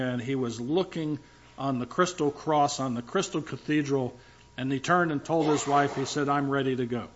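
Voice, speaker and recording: A man's voice: fairly high pitch, fairly bright tone, dull audio. An older male pastor preaching a sermon in a conversational, emphatic way, with asides to the congregation.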